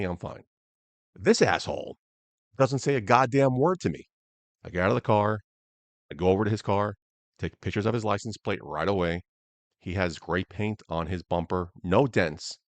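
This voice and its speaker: A man's voice: low-pitched, dry recording. A man hosting a solo podcast, telling a story in an angry, profane way. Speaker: podcast host.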